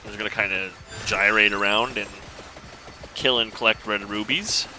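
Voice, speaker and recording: A man casually commenting on his own gameplay, thinking aloud in a relaxed, rambling way. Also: lowish voice, normal speed, a little hiss or hum, poor audio. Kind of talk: casual let's-play commentary.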